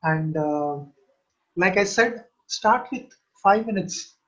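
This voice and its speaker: Earnest high-voiced man preaching. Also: slow pace, a bit bright. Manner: earnest, repeats key phrases to exhort. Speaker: Christian teacher. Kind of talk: teaching sermon. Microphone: online call. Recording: dull lo-fi online session audio.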